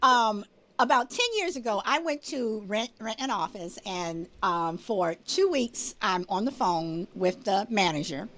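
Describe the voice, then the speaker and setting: A woman co-hosting a podcast in casual, animated chat, often repeating words as she talks over others. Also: mid-range voice, unhurried. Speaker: podcast co-host.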